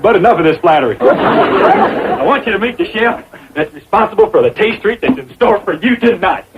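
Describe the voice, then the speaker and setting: A man's voice: high voice, big pitch swings, moderate pace, very noisy. An actor playing a dim, boastful young hillbilly man, eager and goofy in a 1960s sitcom. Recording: dull old TV audio, loud studio laughter.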